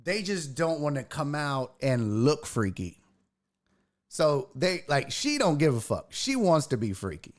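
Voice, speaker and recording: Male host, a bit high-pitched, crude and jokey, laughs often, casual livestream chat. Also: big pitch swings, unhurried. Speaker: podcast host. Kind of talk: casual livestream chat reading viewer comments.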